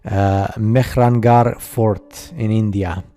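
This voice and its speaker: Dark-voiced man, halting skeptical narration. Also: lowish voice, fairly even intonation. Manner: halting, many fillers and restarts, skeptical asides. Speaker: narrator of a slideshow video. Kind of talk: casual voice-over commentary.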